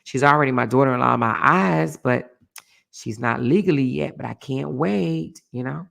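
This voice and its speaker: A middle-aged woman hosting a casual livestream chat and reading viewer comments aloud, animated and chatty, repeating phrases for emphasis. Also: rumbling low, normal speed, gravelly. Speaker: host.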